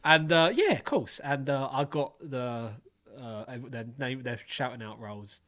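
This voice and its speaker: A man's voice: medium pitch, a little slow. A young man hosting a podcast, telling stories animatedly and swearing freely. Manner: animated storytelling, swears freely, acts out voices. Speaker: podcast host. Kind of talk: casual chat.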